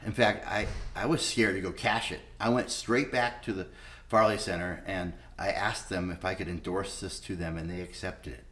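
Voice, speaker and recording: A man's voice: low-pitched, fairly even intonation, moderate pace, fairly bright tone. A middle-aged man giving a candid personal testimony, blunt and unpolished, with frequent swearing, re-enacting past conversations as he talks. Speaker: speaker telling his recovery story.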